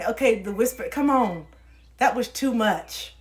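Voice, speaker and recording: A young woman livestreaming, ranting casually and profanely to her viewers in an animated way. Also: a little high, measured pace.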